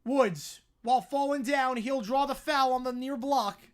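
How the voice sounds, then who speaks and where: A livestream host who talks fast, calling a basketball game play by play while answering chat, and getting louder on big plays. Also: high voice. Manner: fast-talking.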